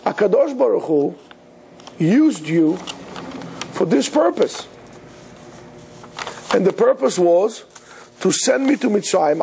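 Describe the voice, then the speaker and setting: A man's voice: high voice, gravelly, mellow, a little hiss or hum. A man, a rabbi, teaching an earnest, emphatic Torah lecture, weaving Hebrew terms into his English.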